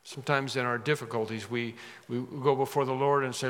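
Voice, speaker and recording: A man delivers an expository sermon at a middle pitch, his voice trailing off into the long reverb of a large hall. He builds to sudden, emphatic rises whenever he quotes scripture. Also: fairly even intonation, fairly quick, a bit bright. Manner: expository preaching, dramatic rises when quoting scripture. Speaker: preacher.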